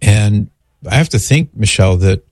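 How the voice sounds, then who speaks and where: A man's voice: fairly low pitch, animated, normal speed, darkish tone, no echo, clean studio sound. A man hosting a call-in religious Q&A, answering a caller's question in an earnest, explanatory way and citing scripture.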